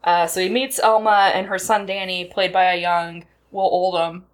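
A woman co-hosting a podcast, recapping a film in casual chat and acting out lines in quick voices. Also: lowish voice, steady tone. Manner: chatty, laughs often, acts out quotes in voices.

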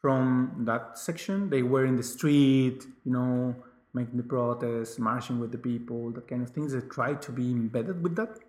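Man, hesitant, full of fillers, roomy echo, mid pitch. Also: a little mellow. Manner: halting, searching for words with many fillers. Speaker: guest. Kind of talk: casual conversational interview.

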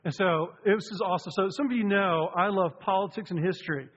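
A man, a pastor, opening his sermon in a chatty, joking way with animated storytelling. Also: high voice, quick pace. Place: church sanctuary. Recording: dull sound, long hall reverb.

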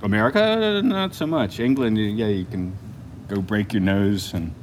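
A man's voice: on the low side, moderate pace, slight background noise. A man co-hosting a casual film podcast, laughing often and trailing off with fillers. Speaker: podcast co-host. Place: lives in Japan.

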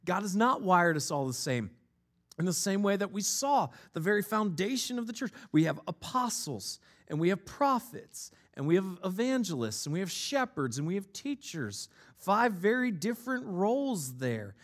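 A man with a notably high voice preaches a sermon. His delivery is conversational and easygoing, and he slips from scripture into personal stories and light, self-mocking humor. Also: very animated, normal speed. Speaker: pastor.

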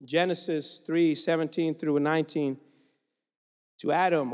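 A man's voice: a little high, fairly even intonation, measured pace, darkish tone. A male guest preacher delivering an exhorting sermon, calling out to the congregation in a church sanctuary. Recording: long reverb of a large room.

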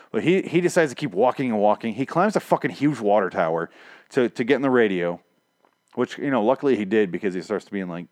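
A man's voice: lowish voice, no echo, studio quality. A man casually recapping and reviewing a TV episode, rambling and sarcastic, swearing often and acting out the characters' lines.

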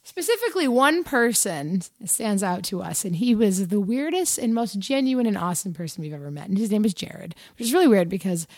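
A woman's voice: mid-range voice, brisk, few pauses, no echo, clean studio sound. A woman musician, a guest on a talk show, telling a road story casually, swearing freely and acting out what people said. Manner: animated, swears freely, acts out quotes.

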